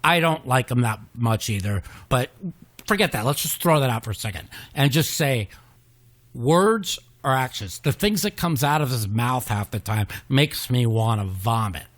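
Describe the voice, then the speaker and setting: A man's voice: mid-range voice, expressive, normal speed, fairly bright tone. A man hosting a podcast interview, speaking in an earnest, personal and emphatic way. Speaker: podcast host. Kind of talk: casual interview conversation.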